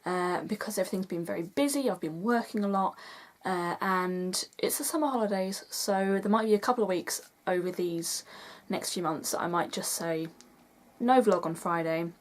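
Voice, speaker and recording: A woman's voice: mid-range voice, moderate pace. A young woman vlogging in a chatty, enthusiastic way, gushing as she counts down a list. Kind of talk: casual vlog countdown.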